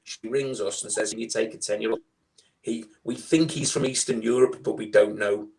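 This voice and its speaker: Animated storyteller man. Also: lowish voice, normal speed, vocal fry, crowd noise. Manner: animated storyteller, acts out dialogue. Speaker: guest. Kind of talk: storytelling in a live online chat.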